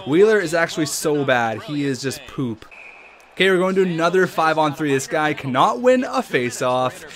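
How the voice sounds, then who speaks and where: Young guy yelling and cursing over a hockey game, kinda high voice, hyped and trash-talky. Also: expressive, moderate pace. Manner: hyped, swearing, trash-talking, laughing bursts. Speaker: gaming YouTuber. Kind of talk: excited game commentary.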